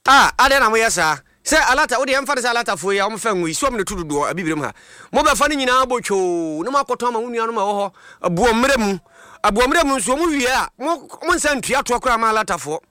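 A man with a high, bright voice delivers a news voice-over at a rapid clip. The sound is dry and close, with a brisk reporting manner. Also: lively intonation, dry recording.

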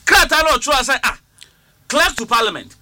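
Ghanaian male MP, high, very bright, lively delivery, talks over people. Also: normal speed. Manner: talks over others, repeats words, switches between languages. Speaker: member of parliament. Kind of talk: heated political debate.

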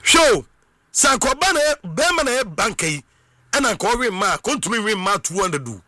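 Ghanaian guy going off, twi and english mixed, super bright sharp voice, shouty and singsongy. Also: sits high, moderate pace, no room sound. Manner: excitable, bursts into shouts and sing-song. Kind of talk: animated monologue mixing Twi and English.

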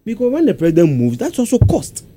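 A man co-hosting a radio show, pressing his partner with questions in a lively, argumentative way. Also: high-pitched, quick pace. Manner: animated, questioning, calls the other host by name. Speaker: radio co-host. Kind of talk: casual studio discussion.

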